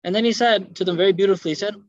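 High voiced guy preaching fast, lively storytelling, dull dry lo-fi sound. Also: dry recording. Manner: animated, acts out quotes in dropped voices. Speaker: Islamic lecturer.

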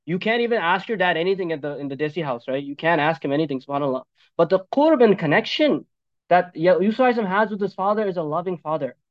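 Fast, high-voiced male preacher. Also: dry recording. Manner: animated, joking asides, switches between Arabic recitation and English. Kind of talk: sermon on Quran commentary. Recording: dull, dry lo-fi recording.

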